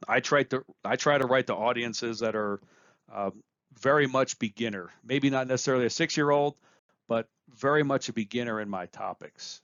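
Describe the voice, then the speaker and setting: A male lecturer delivers a recorded course lesson in a plain, instructive way, often repeating a phrase to drive it home. His voice sits at an ordinary pitch for a man. The audio is dry, with a slightly muffled, lo-fi edge. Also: moderate pace, fairly bright tone, no room sound.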